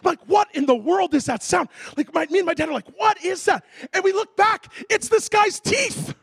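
A man preaching a sermon, telling a comic story with animated delivery and shouted sound effects. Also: extremely high pitch, moderate pace, gravelly, a little hiss or hum.

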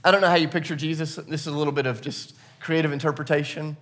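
Man, pastor, high voice, animated sermon, chuckles often, repeats words, filler-heavy, church service. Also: quick pace.

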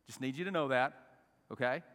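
Bright-voiced preacher man in a reverberant hall. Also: medium pitch, a little fast. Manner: swings from soft talk to shouting; asks the congregation to repeat phrases. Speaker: pastor. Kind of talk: sermon.

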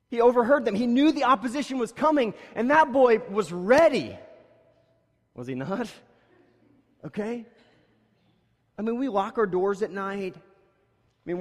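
A male preacher with a slightly high voice gives a relaxed, story-driven sermon. He drifts casually through anecdotes, then leans in louder to drive each point home. His voice carries the long reverb of a big church hall. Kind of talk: conversational sermon.

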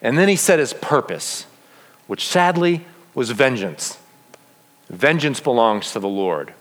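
A man preaching a sermon as pastor, full of rhetorical questions. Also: on the low side. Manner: animated, asks many rhetorical questions. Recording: long reverb of a large hall.

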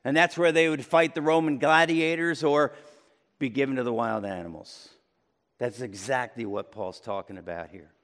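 A man preaching a sermon, swinging between loud emphatic peaks and low quiet passages. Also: normal speed. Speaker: pastor. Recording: long reverb of a large room.

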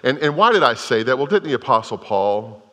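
A man's voice: mid-range voice, very animated, fairly quick, fairly bright tone. A middle-aged man preaching a sermon as a pastor, telling a story in a folksy way with many restarts. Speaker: Methodist pastor. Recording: long hall reverb.

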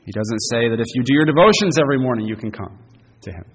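A man preaching a sermon in an earnest way, often repeating himself and swinging between loud and soft phrases. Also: medium pitch, animated, fast talker, slightly rough, in a large hall. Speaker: pastor.

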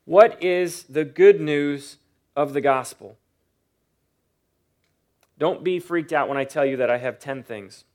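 A man preaching a sermon to his church, emphatic and slowing down to stress key points. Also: on the high side. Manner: emphatic preaching, varies loudness and slows for emphasis. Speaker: pastor.

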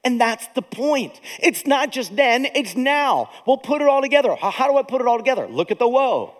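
Animated male pastor preaching in a hall. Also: extremely high pitch. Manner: animated preaching with dramatic pauses. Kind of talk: sermon.

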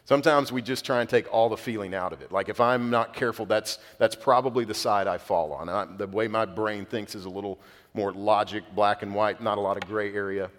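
A male pastor with a fairly low voice delivers a sermon in an earnest, conversational way, full of casual asides. His words ring out with the long reverb of a large church hall. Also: fairly even intonation, brisk, fairly bright tone. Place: church sanctuary.

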